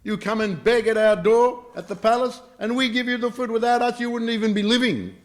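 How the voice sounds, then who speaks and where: A hot-tempered young princess, as a man telling the story puts her on, shouting insults in a high, loud, strained voice. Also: fairly even intonation, very slow, exaggerated voice. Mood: furious. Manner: furious insulting.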